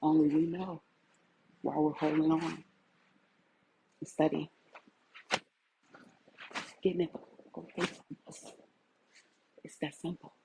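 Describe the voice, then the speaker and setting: A woman's voice: sits low, little pitch movement, slow, gravelly, pauses often, mellow, a little hiss or hum, low-quality recording. A woman, giving an impassioned, tearful talk to her livestream viewers. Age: 40s. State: crying. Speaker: vlogger.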